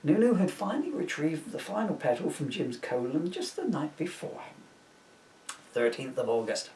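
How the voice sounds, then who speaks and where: Author reads his parody aloud, lively pitch, deadpan asides, chuckles; roomy, off-mic sound. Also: moderate pace, distant mic, slight background noise. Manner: deadpan jokes, chuckles at his own lines. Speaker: author reading his own book. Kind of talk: comic reading with asides. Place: room, filmed on camera.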